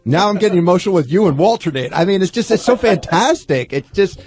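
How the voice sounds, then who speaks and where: A man hosting a radio talk show from a studio, excited and rambling with many fillers. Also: sits high, fast, slightly rough, no echo. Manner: enthusiastic, rambling, lots of fillers. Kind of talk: casual radio chat. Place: radio studio in New York.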